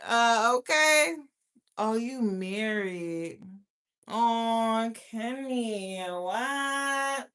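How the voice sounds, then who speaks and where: A woman in her thirties hosting a casual livestream, talking loudly and profanely straight to her viewers, often breaking into laughter. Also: a little high, animated, very slow, clear, resonant tone. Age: 30s. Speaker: livestream host. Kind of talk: casual live chat with viewers.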